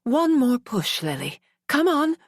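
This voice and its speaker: A woman's voice: deep voice, steady tone, quick pace, dark tone, slightly rough, dry recording, studio quality. Woman doing a firm, urgent delivery-room coach. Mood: urging.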